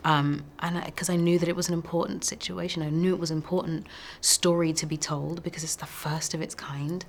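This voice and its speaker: A woman actor in a press interview, answering thoughtfully in a soft voice and laughing often. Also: lowish voice, level tone, a little fast, creaky, slight background noise. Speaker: actor promoting a film.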